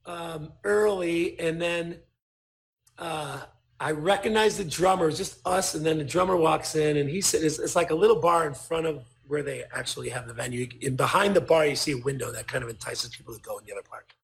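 A man, a podcast guest telling a story in casual chat, animated and swearing as he acts out what people said. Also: on the high side, fairly quick, vocal fry.

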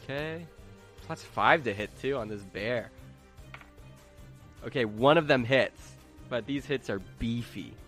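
A game master runs a tabletop game, narrating scenes and rolling dice in a lively, giggly manner, laughing often and using plenty of fillers. His mid-range voice is unhurried, with long pauses, over soft background music.

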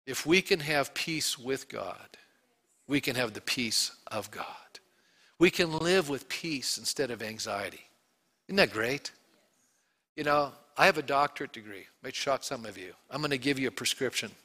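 Bright-voiced man preaching. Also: mid-range voice, moderate pace. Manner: animated storytelling, acting out quotes; addresses congregation with questions. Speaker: pastor. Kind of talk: Easter sermon.

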